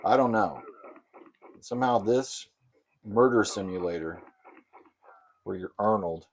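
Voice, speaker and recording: A man giving casual, sarcastic commentary while playing old console games, with loud outbursts. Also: fairly low pitch, unhurried, a little hiss or hum. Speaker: gamer.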